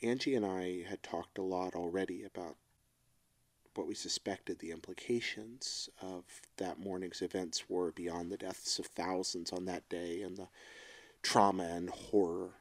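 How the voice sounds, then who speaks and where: Middle-aged male co-host; gravelly, slightly low; heartfelt, halting delivery. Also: steady tone. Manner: reflective, emotional, halting. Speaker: podcast co-host. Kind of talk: casual chat.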